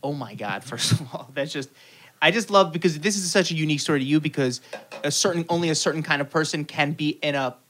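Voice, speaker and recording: Host, mid-pitch, casual, quick reactions, joking riffs. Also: fairly bright tone, a little hiss or hum. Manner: reactive, exclaims, riffs with jokes. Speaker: podcast host. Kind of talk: casual interview chat.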